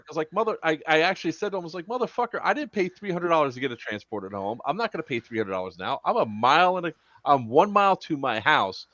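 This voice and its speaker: Man, podcast host, lively swinging pitch, dry dull lo-fi sound, profane storyteller. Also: fairly quick, dry recording. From Florida. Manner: profane, animated, laughing storyteller. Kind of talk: casual storytelling chat.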